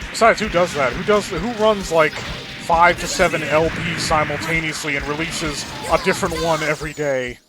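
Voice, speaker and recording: High-voiced, exhausted man rambling over gameplay. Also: fairly even intonation, moderate pace, music in the background. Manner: rambling, self-deprecating, wry. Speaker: let's play host. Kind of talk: gameplay commentary.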